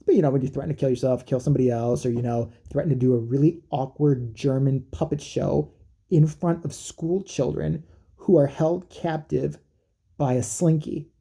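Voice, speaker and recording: Husky man in a profane comedic rant. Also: medium pitch, steady tone, normal speed, mellow. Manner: profane, rambling, mocking. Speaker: comedic commentator.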